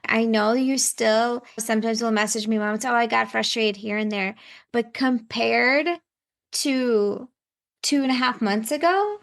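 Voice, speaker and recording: A woman's voice: on the high side, unhurried, vocal fry. A woman parenting coach who hosts the show, speaking in an affirming, encouraging way. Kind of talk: coaching conversation.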